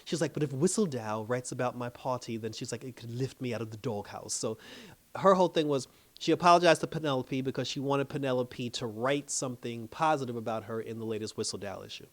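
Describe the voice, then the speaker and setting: A TV show reviewer, a man with a mid-range, brisk voice, casually recaps a drama episode. He swears freely, laughs a lot, and performs the characters' lines in playful voices.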